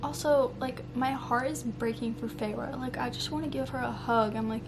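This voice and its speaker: A young woman vlogging about a book series in a casual, animated way, swearing often and saying "like" constantly. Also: a little high, moderate pace, music in the background. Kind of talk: casual reading vlog. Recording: faint background noise.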